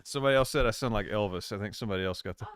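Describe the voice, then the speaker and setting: A man co-hosting a casual live chat, speaking in a relaxed, plain way. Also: fairly low pitch, very fast, clear, resonant tone, no room sound, studio quality. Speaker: co-host.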